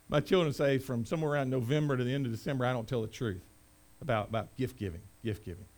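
A middle-aged man preaching a sermon as pastor, rising to loud proclamation and dropping to quiet conversational asides. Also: mid-range voice, a little fast.

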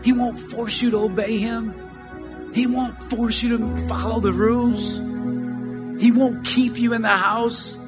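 A man's voice: very high voice, fairly even intonation, slow pace. A male pastor giving a fervent, pleading altar call and prayer with a repetitive preacher cadence. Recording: with music playing behind. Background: soft music.

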